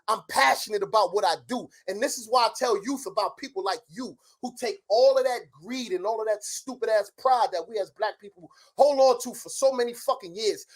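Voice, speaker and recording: In a very high-pitched voice, a middle-aged man on a show argues heatedly as a guest. He's ranting loudly, full of profanity and rapid-fire challenges.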